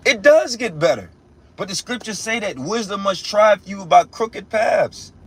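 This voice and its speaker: A man's voice: high-pitched, expressive, normal speed, husky. A young man giving a casual spiritual rant as a religious teacher, emphatic and profane, repeating himself and restarting often.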